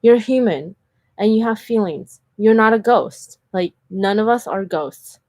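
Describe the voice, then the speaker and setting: A woman's voice: mid-range voice, a little slow, darkish tone, dry recording. Woman, casual vlog storytelling, earnest, lots of fillers, dry recording. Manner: chatty, heavy use of "like" fillers; earnest and candid. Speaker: vlogger.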